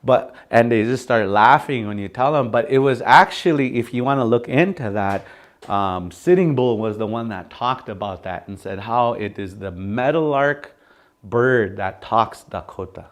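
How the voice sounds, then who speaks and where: A man's voice: mid-range voice, moderate pace. A man teaching a language class in a casual, chatty way, laughing often and acting out how phrases should sound.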